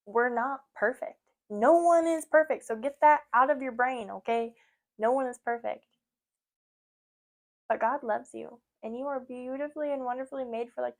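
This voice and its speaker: A woman hosting a podcast, sharing her faith in an earnest, emotional, chatty way with lots of fillers. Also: mid-range voice. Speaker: podcast host. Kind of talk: casual faith talk.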